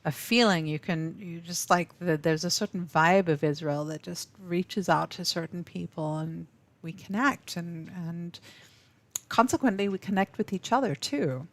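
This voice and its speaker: A woman's voice: lowish voice, unhurried. Effusive woman hosting a webinar. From South Africa. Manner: warm, effusive, many ums and restarts. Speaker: webinar host. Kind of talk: live webinar talk to viewers. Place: office.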